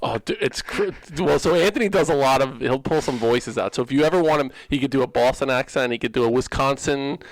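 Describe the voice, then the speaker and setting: A man hosting a podcast, talking in a loose, energetic way with casual swearing and plenty of restarts. His voice sits at an ordinary middle pitch, and the sound is dry and close. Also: quick pace, few pauses, no echo. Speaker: podcast host.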